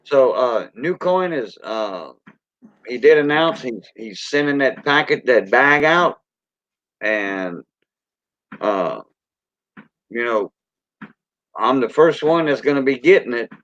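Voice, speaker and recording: A man's voice: medium pitch, lively intonation, takes it slowly, pauses often, fairly bright tone, dry recording. A man with a Cajun accent hosting a casual livestream, rambling in a folksy way and greeting viewers by name. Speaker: livestream host. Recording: dull lo-fi dry sound.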